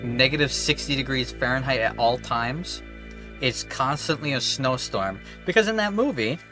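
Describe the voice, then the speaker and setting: A young man from Minnesota chatting casually on a gaming stream, rambling and swearing freely. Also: medium pitch. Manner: rambling, profane, loose. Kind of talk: casual chat while gaming. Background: loud music.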